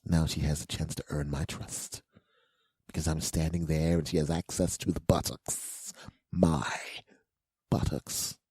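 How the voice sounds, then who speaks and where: Solo comic host, low mellow voice, dry close mic, whiny self-mocking rants. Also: male voice, little pitch movement, normal speed, breathy edge, no room sound. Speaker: podcast host. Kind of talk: comic monologue.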